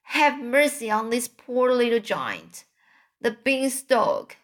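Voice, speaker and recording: A woman's voice: steady tone, extremely slow. A woman voicing a huge, terrified male giant in a storybook reading, screaming and pleading in a raised voice. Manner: screaming, pleading, high and loud. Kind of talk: storybook read-aloud.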